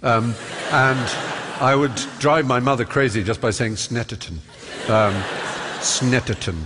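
English man on stage in a big hall, rattles off stories quick and fluent, does little voices, faint hum behind. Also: medium pitch, fairly even intonation. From England. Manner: quick, fluent storytelling with fond mimicry. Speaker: guest on stage. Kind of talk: live on-stage conversation. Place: large concert hall stage.

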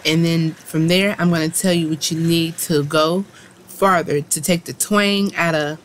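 A woman with a low, easy voice walks viewers through a home recipe in a chatty, encouraging way. She talks over a pan in her kitchen, with faint frying noise under her words. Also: steady tone, a little slow. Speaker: cooking channel host. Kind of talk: casual cooking demonstration.

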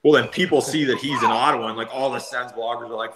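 A Canadian man in his thirties, a former player, telling animated stories full of fillers and laughter. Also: medium pitch, fast, few pauses, echoey room, a crowd in the background, poor audio. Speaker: guest, former hockey player. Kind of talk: casual storytelling.

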